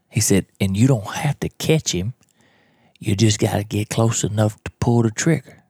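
A man's voice: on the low side, animated, normal speed, mellow, husky, no room sound, studio quality. A man, telling a hunting story in a folksy, blunt, drawling way as a podcast host. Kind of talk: storytelling monologue.

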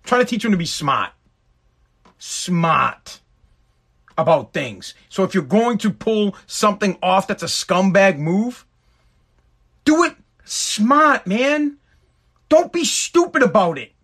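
Slow and sing-song, with frequent pauses, this high-pitched male voice sounds fairly bright and slightly rough. The speaker, a dad with a school-age son who vlogs, talks bluntly to his audience in a casual, cursing rant, circling back and restarting his words often.

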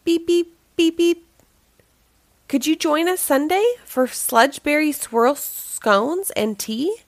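A woman voicing a grumpy male monster in a children's storybook read-aloud, speaking in grumbling, gruff complaints. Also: high voice, animated, slow pace, dry recording, pitched above the performer's own voice, heavily acted.

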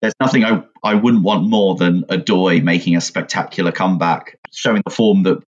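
A man talking football in a halting way, with many fillers and restarts. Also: low voice, steady tone, highs cut off. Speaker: podcast co-host. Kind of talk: casual football chat.

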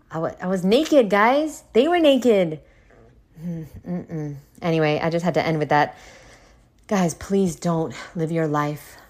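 A young woman hosting a podcast, chatting in a confiding way, swearing freely and filling her talk with "like". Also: low voice. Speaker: podcast host. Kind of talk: casual confessional chat.

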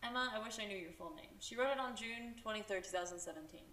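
Bright, animated young woman podcaster. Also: mid-range voice, fast, echoey room. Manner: animated, sarcastic, giggly. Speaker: podcast host. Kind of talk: casual chat, reading a book review aloud.

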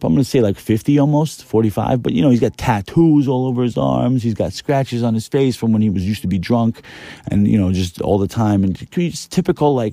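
Profane rambling man, warm low voice. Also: dry recording. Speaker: podcast host. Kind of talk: casual storytelling monologue.

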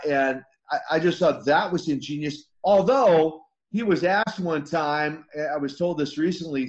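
A man's voice: on the high side, highs cut off. A man in his sixties, a former wrestler as guest, telling stories animatedly, laughing and restarting his sentences. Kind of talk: casual interview storytelling.

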